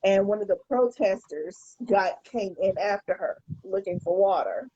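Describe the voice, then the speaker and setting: A woman's voice: mid-range voice, moderate pace, mellow, slightly rough, lo-fi sound. A woman co-hosting a podcast, telling a story in casual chat, profane and stumbling over repeated words. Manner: profane, repeats words when starting sentences. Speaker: podcast co-host.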